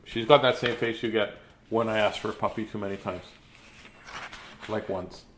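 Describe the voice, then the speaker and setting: Against a noisy background, a fifties-aged man gives a casual live reading of a children's book, stopping between pages to chat, joke and digress. His voice is fairly low, with fairly even intonation at normal speed.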